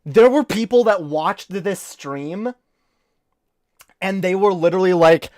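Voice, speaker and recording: A tipsy man hosting a reaction livestream, boastful and excitable, swearing freely. His voice sits fairly high. The sound is dry and close to the mic. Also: a little slow, long pauses, no room sound. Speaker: streamer.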